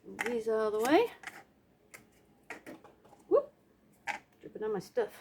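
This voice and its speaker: A woman's voice: a little high, sing-song, a little slow, darkish tone, a little hiss or hum. A woman casually narrating her acrylic paint pouring at home, chatty and self-deprecating, with playful sound effects and humming. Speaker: craft vlogger.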